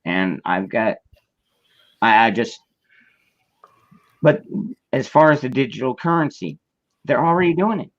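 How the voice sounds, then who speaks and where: A man's voice: medium pitch, animated, measured pace, pauses often, dry recording. A man in a casual chat, talking hesitantly and often repeating words. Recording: dull lo-fi sound.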